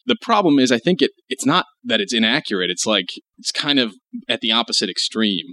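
A man's voice: medium pitch, sing-song, a little fast, pushed and bright. An American man rambling in casual chat, curious and full of fillers. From United States.

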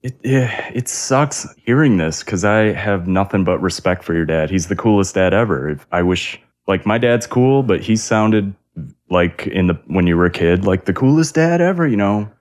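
A man's voice: on the low side, animated, moderate pace. A man co-hosting a podcast, chatting casually in a sympathetic, laid-back way. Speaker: podcast co-host.

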